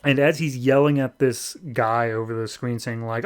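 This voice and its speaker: A man's voice: medium pitch, a little fast, few pauses, clear, resonant tone. Sarcastic man recapping comics casually. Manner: animated, sarcastic storytelling. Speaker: podcast host.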